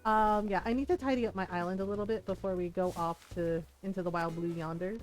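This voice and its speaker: A woman streamer chatting casually while she plays a life-sim game, giggly and quick with jokey asides. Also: medium pitch, soft background music. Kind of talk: casual gameplay commentary.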